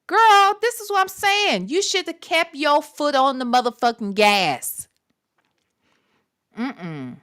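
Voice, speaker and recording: A woman with a high, slightly bright voice and lively intonation speaks slowly while hosting a late-night reaction livestream. She comments with sassy, profane asides and talks straight to her chat.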